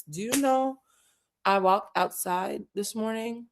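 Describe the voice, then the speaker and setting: A woman's voice: fairly high pitch, a little slow. A woman hosting a casual livestream, chatty and laughing often, with a Black way of talking and easy swearing. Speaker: host.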